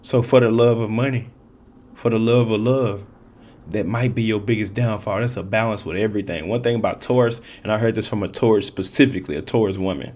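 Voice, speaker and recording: A man's voice: on the low side, brisk, a little mellow. A man giving a casual tarot reading, rambling and repeating himself, in loose, profane street slang with frequent laughs. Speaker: tarot reader.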